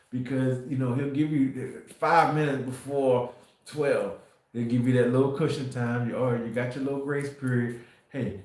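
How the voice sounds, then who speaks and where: A man preaching informally on a livestream, rambling and restarting, swinging from quiet asides to emphatic declarations. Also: mid-range voice, very echoey. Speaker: faith livestream host.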